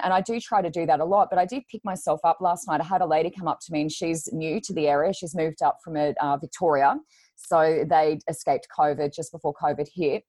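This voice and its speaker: Lively woman, low voice. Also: no echo. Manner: animated storyteller who acts out quotes. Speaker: podcast co-host. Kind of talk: casual podcast chat.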